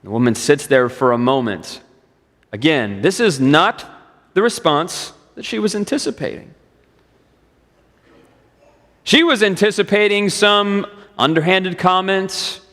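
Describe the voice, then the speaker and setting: A male preacher tells a story from the pulpit, stacking repeated phrases for dramatic build. His voice sits high for a man. A long church-hall reverb trails his words. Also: fairly bright tone. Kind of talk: sermon storytelling. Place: church sanctuary.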